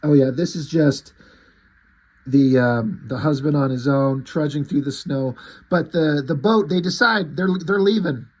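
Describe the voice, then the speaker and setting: A man's voice: a little high, unhurried, darkish tone. A man casually paging through a comic book, loosely retelling the story in a rambling way.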